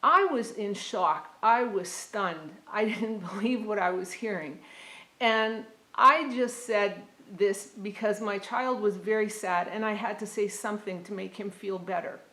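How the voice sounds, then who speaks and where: A middle-aged woman telling her family's story in a talk for university students, earnest and halting, with frequent ums and restarts. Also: mid-range voice, sharp tone, reverberant, rough recording.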